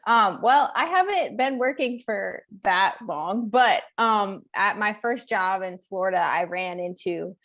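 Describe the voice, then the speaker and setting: A woman's voice: medium pitch, lively intonation, a little slow, hardly any pauses, a bit bright. Hesitant young woman photographer. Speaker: staff photographer on a panel. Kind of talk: casual anecdote on a panel.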